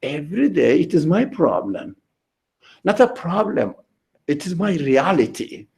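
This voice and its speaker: A man teaching a class on religion, speaking slowly and emphatically and repeating his key words. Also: a little high, big pitch swings, vocal fry, darkish tone. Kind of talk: lecture to a class.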